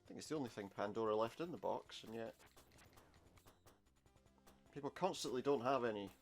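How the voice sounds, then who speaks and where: The man narrating this retro game has a medium-pitched, expressive voice and a brisk delivery. In his casual let's-play commentary he makes wry jokes and mutters asides, with game music in the background.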